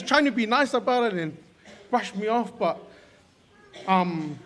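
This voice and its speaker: A man giving a heartfelt eulogy at a funeral service, telling stories haltingly with many pauses. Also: sits high, animated, a bit bright. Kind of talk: emotional eulogy. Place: church service hall.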